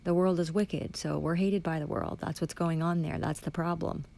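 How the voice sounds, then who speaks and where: A woman's voice: low voice, fairly even intonation, moderate pace, creaky, mellow. A woman ranting angrily and sarcastically as she reads a policy document aloud and rebuts it, swearing often. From Canada. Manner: profane, sarcastic, accusatory. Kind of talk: angry ranting monologue.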